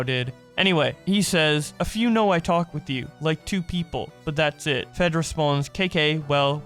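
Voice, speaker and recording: A man hosting a commentary video, reading out message exchanges aloud and adding short reactions of his own. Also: fairly high pitch. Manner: reads message exchanges aloud in a flat narrating voice, with brief reactions. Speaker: commentary host.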